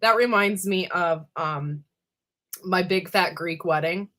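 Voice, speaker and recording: A livestream host rambles casually in a lowish, sharp-toned voice at a slow pace. She welcomes viewers by name one by one, and her talk is full of ums, fillers and trailing asides.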